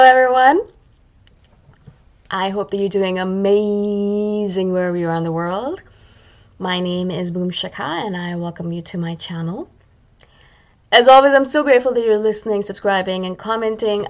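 A woman's voice: mid-range voice, normal speed. A woman hosting a podcast in a chatty, self-mocking monologue, acting out her own thoughts as she talks. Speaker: podcast host. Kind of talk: casual monologue.

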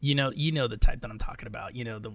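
Man, podcast co-host, casual storytelling, rambling, mid pitch, dry close mic. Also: racing, a bit bright, dry recording. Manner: rambling anecdote told with acted-out quotes and laughter.

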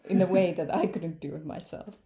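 A woman co-hosting a casual podcast in English, which is not her first language; she laughs often, mocks herself and fills pauses with "um". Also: lowish voice, steady tone, vocal fry, dark tone. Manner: giggly, self-mocking, many ums. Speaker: podcast co-host.

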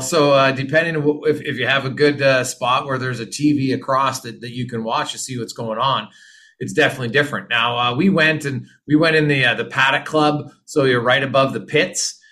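A man's voice: medium pitch, pushed and bright. A middle-aged Canadian man, a guest on a sports podcast, answering in a friendly, rambling way. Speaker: hockey journalist guest. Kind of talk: casual interview answers.

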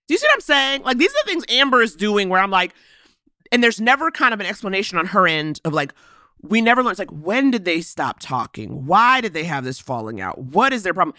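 A woman's voice: mid-range voice, fairly quick, no echo, clean studio sound. A woman co-hosting a podcast, chatting casually and animatedly about a movie she watched, often acting out the characters' lines. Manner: animated, quotes characters in put-on voices, laughs often. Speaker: podcast co-host. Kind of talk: casual chat recapping a movie.

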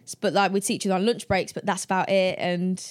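A young woman, a guest on an interview show, telling anecdotes in a lively, chatty way and acting out the people she quotes with a raised voice and frequent laughs. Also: lowish voice, fast talker. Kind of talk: casual interview chat.

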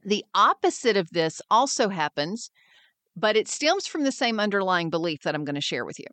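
A woman hosting a wellness podcast, talking in a lively way and acting out quoted friends in raised voices. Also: mid-range voice, normal speed, no echo. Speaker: podcast host and wellness mentor. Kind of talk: scripted podcast monologue.

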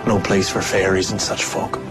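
A man's voice: deep voice, little pitch movement, normal speed, close to an everyday voice. An actor with a stage Irish accent playing a roguish male fairy who talks in a boastful, folksy way. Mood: sly. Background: music.

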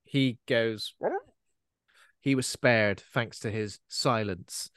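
A man's voice: on the low side, drawn-out words, a bit bright, clean tone, no echo, studio quality. A man co-hosting a podcast, riffing jokily on a horror film with comic asides. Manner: jokey, riffs with comic asides and voices. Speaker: podcast co-host. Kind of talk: casual chat recapping a film.

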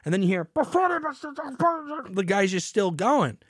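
A man hosting a casual show, telling a story in an animated way with lots of swearing, then talking about beer hops. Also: extremely high pitch, slow pace, slightly rough, no room sound, studio quality. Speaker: podcast host.

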